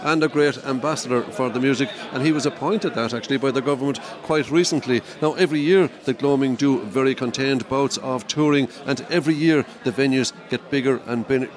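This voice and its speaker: A man in his fifties with an Irish accent from County Clare, co-hosting a radio show. He talks in a chatty, wry way and jokes about himself. His voice sits at a middle pitch. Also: fairly quick, hardly any pauses. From Ireland. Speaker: radio co-host. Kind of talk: casual radio chat.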